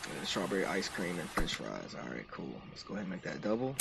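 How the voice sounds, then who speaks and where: A man's voice: deep voice, very animated, fast, creaky, recorded from a distance, heavy background noise. Upbeat man streaming a game. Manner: upbeat, narrates each step and talks to chat. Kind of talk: casual game commentary.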